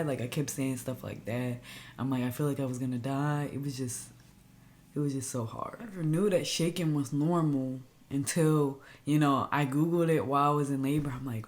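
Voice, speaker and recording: A woman's voice: sits low, normal speed, darkish tone. Chatty young woman vlogger. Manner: chatty and candid, drops to a near-whisper when reliving stress. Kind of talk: casual personal storytelling to camera.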